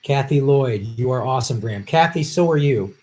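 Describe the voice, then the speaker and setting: A man hosting a political commentary livestream, reading viewer donations and ranting with heavy profanity, swinging from muttering to shouting. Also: mid-range voice, lively intonation, a little fast, a little hiss or hum.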